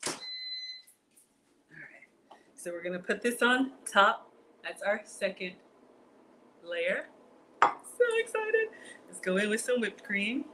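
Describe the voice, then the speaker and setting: Woman home-cook vlogger, casual y'all chatter, noisy kitchen. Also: lowish voice. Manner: chatty, addresses viewers as y'all. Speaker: cooking vlogger. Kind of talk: casual cooking demonstration.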